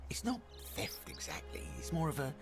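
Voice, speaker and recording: An actor playing a greedy, scheming Roman merchant in a video game, telling tales with sly boastfulness. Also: male voice, fairly high pitch, very animated, normal speed. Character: greedy scheming male Roman merchant, smooth con man. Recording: game audio with music behind.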